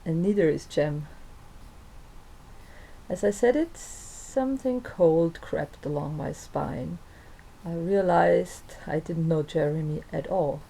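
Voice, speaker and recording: A woman reads her own first-person story in a calm, soft-spoken manner. Her voice is mellow and sits a little low. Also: gravelly, low-quality recording. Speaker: narrator and author.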